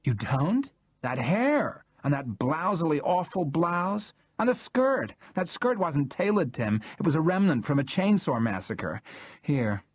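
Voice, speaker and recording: A man's voice: medium pitch, normal speed, husky, no echo, natural voice. A male narrator voicing a haughty, theatrical man who speaks imperiously with camp sarcasm. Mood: scornful.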